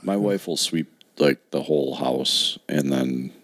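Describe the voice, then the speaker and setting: Very deep, gravelly-voiced man. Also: measured pace. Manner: dry, laid-back interjections. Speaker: podcast co-host. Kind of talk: casual chat.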